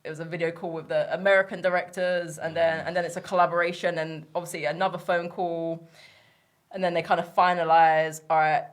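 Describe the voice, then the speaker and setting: A woman's voice: lowish voice, flat delivery, fairly quick. A woman, a guest chatting casually in a frank, blunt way and laughing easily. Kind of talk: casual chat.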